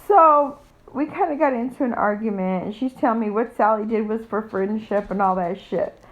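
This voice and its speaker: A woman's voice: on the high side, normal speed, narrow, tinny audio. A middle-aged woman telling a personal story in a blunt, profane, rambling way, full of fillers. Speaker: vlogger. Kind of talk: casual storytelling.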